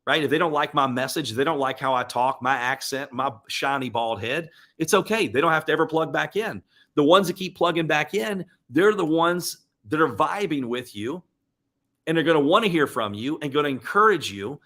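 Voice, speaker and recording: A man's voice: a little high, moderate pace, sharp tone. Earnest man giving a motivational live talk. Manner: emotional, preacher-like, earnest. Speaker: live stream host. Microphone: webcam or desk mic on live stream.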